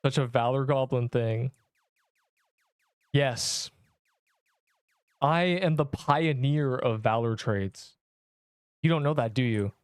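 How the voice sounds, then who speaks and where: A man's voice: medium pitch, slow, pauses often, smooth, no echo. Playful man streaming a game, dry sound. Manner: playful and self-mocking, reacting to chat. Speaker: streamer playing an online game. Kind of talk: live gameplay stream, chatting with viewers.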